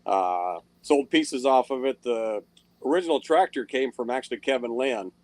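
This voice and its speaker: A man's voice: mid-range voice, normal speed, darkish tone, no echo. A man being interviewed as a guest, modest and matter-of-fact. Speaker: guest puller. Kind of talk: casual interview answers.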